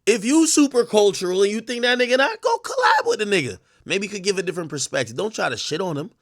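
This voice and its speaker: A man in his thirties rants to his live chat, profane and mocking and quick to laugh. His voice sits a little high and swings widely in pitch. The tone is bright, and the sound is close and dry. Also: big pitch swings, no room sound. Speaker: livestream host. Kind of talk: casual rant to a live chat.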